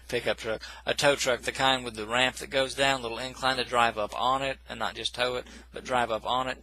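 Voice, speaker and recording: A man's voice: medium pitch, level tone, moderate pace, sharp tone, rough recording. A man casually recapping a film plot in a rambling, self-correcting way, with dismissive asides. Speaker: movie reviewer.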